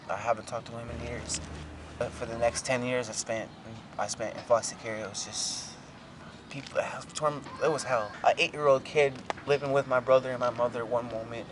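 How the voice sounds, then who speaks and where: A man in his twenties telling his hard life story, halting and repeating himself, his voice breaking with emotion. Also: mid-range voice, noisy background. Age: 20s. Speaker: documentary subject. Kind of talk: emotional personal testimony.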